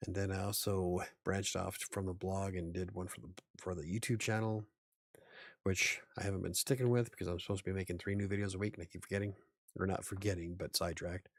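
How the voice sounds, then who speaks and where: Low gravelly-voiced man, casual host. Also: level tone, quick pace, dry recording, clean studio sound. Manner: rambling, chuckles, reads out and answers chat comments. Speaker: livestream host and author. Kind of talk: casual livestream chat answering viewer questions.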